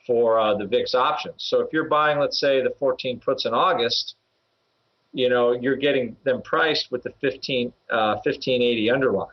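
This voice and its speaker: A man of ordinary pitch who rambles through market talk on a podcast. He pads his points with fillers and chuckles. The audio is a little dull and muffled. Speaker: options trader and regular co-host.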